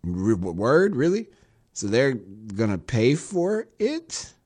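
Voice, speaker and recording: A man's voice: mid-range voice, wildly swooping pitch, slow pace, a little mellow, slightly rough. A man hosting a radio show, reading news quotes and adding sarcastic, wry asides in a loose commentary style.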